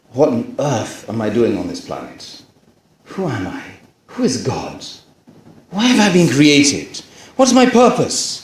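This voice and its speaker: A middle-aged man telling a personal story to an audience, acting out what others said and dropping into quiet asides. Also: fairly high pitch. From England. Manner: animated storyteller, acts out quoted voices, drops to quiet asides. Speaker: speaker telling his conversion story. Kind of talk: storytelling talk to a campus audience. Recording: echoey hall.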